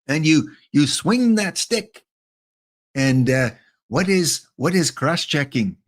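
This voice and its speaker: A man putting on an exaggerated fake Canadian accent as a jokey hockey fan, tagging his lines with drawn-out "eh". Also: medium pitch, lively intonation, slightly rough.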